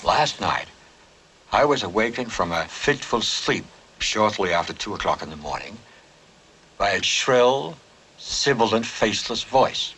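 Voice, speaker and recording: A man's voice: fairly low pitch, fairly bright tone, husky, full character voice, poor audio. An actor playing a weary male television news anchor, telling a brooding, wry story in a film monologue. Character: weary middle-aged male TV anchor confessing.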